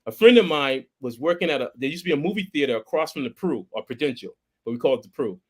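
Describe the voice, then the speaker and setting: A man's voice: medium pitch, very fast, breathy edge. A man on a casual podcast, telling a story with lots of restarts and quoted voices. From Boston, United States. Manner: animated, repeats words and restarts, acts out quoted voices. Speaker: podcast co-host.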